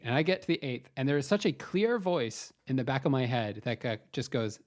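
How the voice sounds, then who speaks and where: A man's voice: medium pitch, expressive, fairly quick, few pauses. A young man co-hosting a podcast, telling a self-deprecating story in a rambling, hesitant way. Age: young adult. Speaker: podcast co-host. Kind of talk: casual comedic storytelling.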